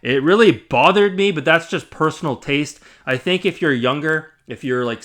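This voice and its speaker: A man's voice: on the high side, a bit bright. A man giving an opinionated, blunt spoken game review, with many fillers and restarts. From Canada.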